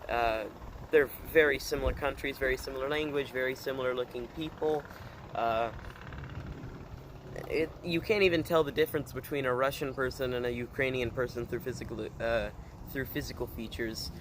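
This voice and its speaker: A man chatting casually to his channel, rambling and hesitant, full of fillers and deadpan puns. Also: mid-range voice, background noise. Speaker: channel host. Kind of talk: casual vlog chat.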